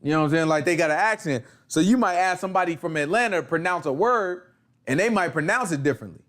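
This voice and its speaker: A man teaching a casual Bible study, explaining the text in slangy, animated talk and acting out bits of street dialogue. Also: a little high, quick pace.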